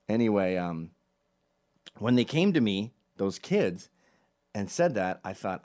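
A middle-aged man from Canada telling a funny personal story in a loose, animated way, acting out the voices of everyone in it. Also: sits low, a little fast. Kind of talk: comedic storytelling.

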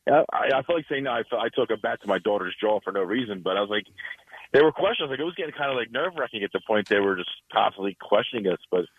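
A male caller with a lowish voice rambles through his story quickly, full of fillers. The sound is thin and phone-like. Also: lively intonation, slightly rough, no room sound. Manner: rambling, fast, lots of fillers. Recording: tinny phone line.

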